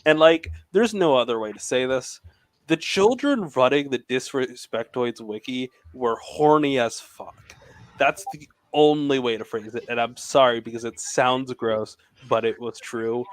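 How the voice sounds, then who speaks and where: A man's voice: medium pitch, unhurried, no echo. A man co-hosting a casual show, chatting while watching gameplay, rambling with restarts. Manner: rambling, frequent restarts and laughs. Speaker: podcast co-host.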